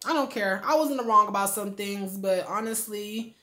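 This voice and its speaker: A woman's voice: medium pitch, normal speed, bright, forceful tone. A young woman in her twenties telling a storytime on her vlog, sassy and blunt, full of slang.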